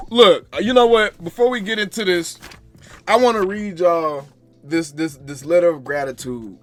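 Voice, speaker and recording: Faint music plays behind this high-pitched, slightly slow man, a parent whose daughter is in second grade. Speaking to camera as a sports fan, he rants animatedly about his team and laughs through theatrical mock grief.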